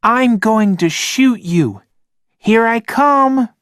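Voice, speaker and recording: A man voicing an excited six-year-old boy shouting in a playground game. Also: drawn-out words, no echo, studio quality, heavily acted. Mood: shouting playfully. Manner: shrill, shouty playground taunting. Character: excited small boy playing Sandman.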